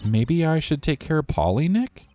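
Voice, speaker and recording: A man voicing an eager, mischievous young female assistant, a little higher than his own voice. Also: sing-song, moderate pace, dark tone, faint music behind.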